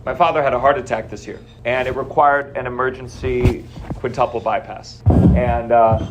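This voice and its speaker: A male stand-up comedian doing quick, teasing crowd work with swearing on a comedy club stage. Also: mid-range voice, fairly even intonation, recorded from a distance. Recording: live in an echoey comedy club, roaring crowd. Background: crowd laughter and noise.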